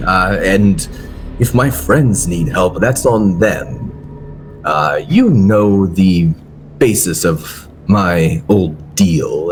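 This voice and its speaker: Hesitant polite old man, played by a man, low pitch, animated, slow, faint music behind. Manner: hesitant, polite, many fillers. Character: elderly man from the future, the witch's polite son.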